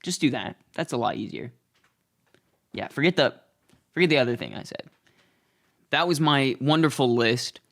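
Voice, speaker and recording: A man's voice: medium pitch, animated, normal speed, creaky, long pauses, fairly bright tone. Rambling young male vlog host. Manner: rambling, self-deprecating, loose delivery. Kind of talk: casual comedic monologue.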